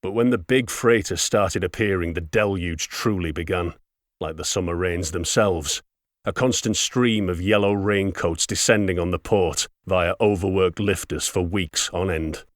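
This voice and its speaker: A man narrating a science fiction audiobook in a steady, wry storytelling manner. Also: deep voice, moderate pace, no echo, studio quality. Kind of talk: scripted narration.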